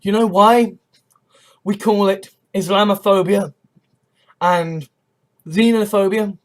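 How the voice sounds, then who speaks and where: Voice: medium pitch, fairly even intonation, takes it slowly. An English-accented speaker holds forth in a fiery monologue. The delivery is blunt and full of swearing. Short tag questions like "right?" and "you know?" keep coming up. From England. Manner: heated and profane, often asks "right?" or "you know?". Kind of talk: impassioned spoken rant.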